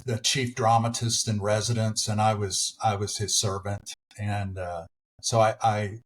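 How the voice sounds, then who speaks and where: A middle-aged man, a preacher and actor, telling stories as a podcast guest in an animated, playful way. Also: on the low side, a little hiss or hum. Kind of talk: storytelling in casual conversation.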